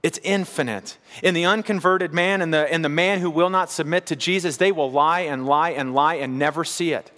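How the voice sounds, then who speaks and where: Earnest preacher in a reverberant hall. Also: male voice, on the high side, normal speed, few pauses, fairly bright tone. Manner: earnest, pleading, repeats phrases for emphasis. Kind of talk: sermon.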